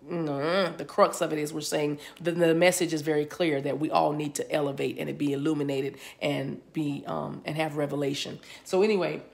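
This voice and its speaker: Female spiritual reader, low gravelly voice, meandering delivery. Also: steady tone, moderate pace, hardly any pauses, a little mellow. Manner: rambling, repeats words as she receives them. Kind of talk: channeled spiritual reading. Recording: spiritual reading recorded for a video.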